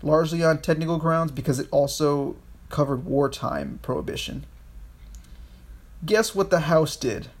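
Man, casual podcast talk, rambling, swearing, slightly high voice. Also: animated, unhurried. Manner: rambling, swears, restarts often. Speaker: podcast co-host. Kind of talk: casual history chat.

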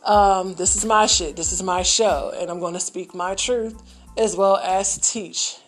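A woman hosting her own podcast in a casual monologue, blunt and profane, and her voice climbs higher when she gets riled up. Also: fairly even intonation, measured pace, faint music behind. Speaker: podcast host.

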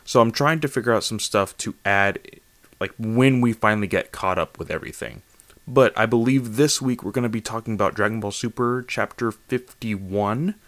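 A man's voice: lowish voice, a bit bright, dry recording. A man hosting a casual solo manga review podcast late at night, tired and slightly slurring, rambling with lots of fillers and restarts. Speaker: podcast host.

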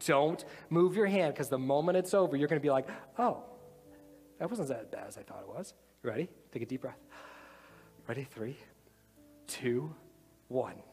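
A man giving a casual, animated sermon, talking conversationally and acting out little voices as he explains. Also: mid-range voice. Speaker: preacher. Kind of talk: sermon with demonstration. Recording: long hall reverb, faint music.

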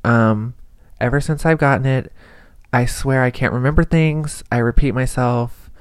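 With a medium-pitched, clear, resonant voice, a young man talks a little slowly as he hosts his own podcast. He chats casually, rambling and self-deprecating, with no room sound in the recording.

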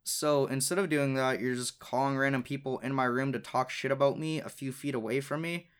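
A man's voice: medium pitch, steady tone, brisk, clear, resonant tone. A young man hosting his own podcast, telling a personal story in a casual, profane, exasperated way, with frequent laughs between lines. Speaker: podcast host.

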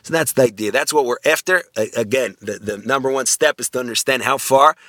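A man with a bright, forward, mid-range voice gives a loose, conversational ethics lecture, speaking a little fast. He restarts often and keeps checking in with listeners using "right?" tag questions. The sound is close and dry, with no echo or room around it.

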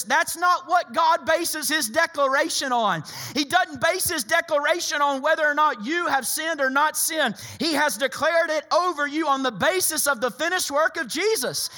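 High, bright-voiced passionate preacher man. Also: animated, normal speed, few pauses. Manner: impassioned preaching, swinging from loud to hushed. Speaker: pastor. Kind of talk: sermon.

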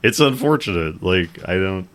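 A man's voice: low voice, expressive, normal speed, fairly bright tone. A man co-hosting a podcast in casual chat, rambling and laughing a lot as he talks. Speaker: podcast co-host.

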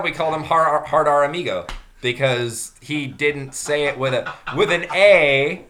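A man's voice: on the high side, slight background noise. A man telling a rambling, profane work story in casual podcast chat. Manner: animated, profane, fast-building rant.

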